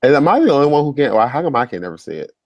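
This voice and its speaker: A young man co-hosting a casual chat show, talking with a voice roughened by illness, animated and quick to laugh. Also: mid-range voice, dry recording, highs cut off. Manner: animated, laughs often, reads listener letters aloud. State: sick, rough voice. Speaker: podcast co-host.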